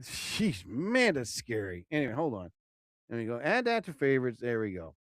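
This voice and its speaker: A man hosting his own live show, rambling casually and exclaiming loudly as he talks. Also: medium pitch, huge pitch swings, normal speed, dry recording, studio quality. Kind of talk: casual live-stream monologue.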